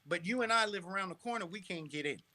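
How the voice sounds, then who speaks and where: A middle-aged man, a guest on an interview show, telling stories in a lively way, restarting phrases and checking in with "right?". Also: sits high, fast talker. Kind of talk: casual interview storytelling.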